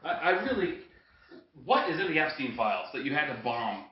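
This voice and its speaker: A man's voice: medium pitch, big pitch swings, a little fast, background noise. A man co-hosting a podcast, ranting casually and profanely over drinks, heated and jokey. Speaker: podcast co-host. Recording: roomy, distant, dull lo-fi home recording.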